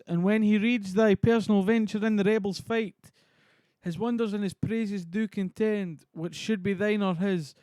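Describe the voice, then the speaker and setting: Man putting on a raised, loud noble herald, slow and drawn-out, dry sound. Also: sits high, clean tone, dry recording, voice pushed up. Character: eager noble messenger Ross.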